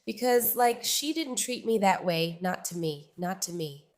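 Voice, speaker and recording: A woman's voice: mid-range voice, unhurried. Chatty woman telling a story. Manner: chatty, animated, addresses viewers as guys. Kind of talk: casual storytime vlog.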